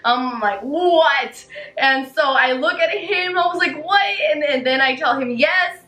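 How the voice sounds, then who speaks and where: A young woman telling her story to camera in a casual, excited and gushing way, full of "you know" and "like". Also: sits high, normal speed, roomy sound, poor audio. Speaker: vlogger.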